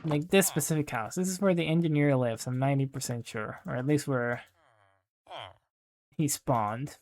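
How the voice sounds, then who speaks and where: Young adult gaming host, casual play-along commentary, rambling and self-deprecating, leans on "like", mid-pitched voice with a faint hiss behind. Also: moderate pace, a little mellow.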